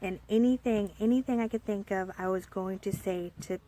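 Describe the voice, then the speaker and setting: A woman's voice: mid-range voice, normal speed, slight background noise. Rambling young woman telling a story. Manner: rambling and animated, with many fillers and restarts. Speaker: storyteller vlogger. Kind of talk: casual storytime.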